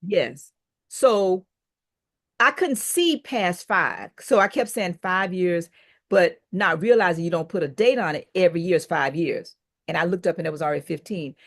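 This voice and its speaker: Older woman telling a lively story. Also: on the low side, normal speed. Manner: animated storyteller who acts out quoted dialogue. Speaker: podcast guest, business owner. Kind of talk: storytelling in an interview.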